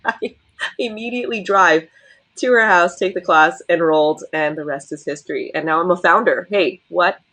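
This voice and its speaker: A woman's voice: fairly low pitch, moderate pace, a bit bright. A woman hosting a casual livestream, chatting in a bubbly, giggly way. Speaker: livestream host.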